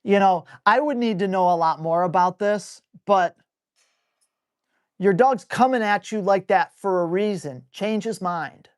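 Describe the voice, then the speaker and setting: A man's voice: high voice, normal speed, no echo, clean studio sound. Man, dog trainer running a live Q&A: loose, blunt, a bit crude, answers viewer questions on the fly. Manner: blunt, casual, salty language; reads viewer questions aloud and answers them. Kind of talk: live stream Q&A.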